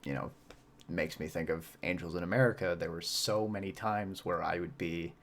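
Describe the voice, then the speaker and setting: A man's voice: low voice, normal speed, a bit bright. A man who acts on stage, guesting on a podcast and chatting casually in a rambling, reflective way with plenty of fillers and laughs.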